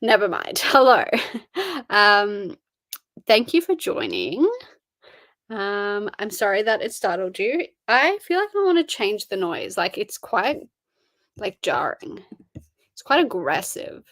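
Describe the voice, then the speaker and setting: A woman's voice: medium pitch, sing-song, slow, pauses often, fairly bright tone, no echo. A tired young woman, chatting casually on a livestream and answering chat messages. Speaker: livestream host. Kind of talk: casual live-stream chat.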